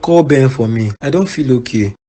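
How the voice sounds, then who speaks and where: An injured middle-aged father pleads softly and weakly with a Nigerian accent, as a man voices him for a cartoon. His voice sits at an ordinary pitch and carries regret and urgency. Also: animated, normal speed, lightly acted. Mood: pleading. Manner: weak, pleading. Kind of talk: cartoon voice acting.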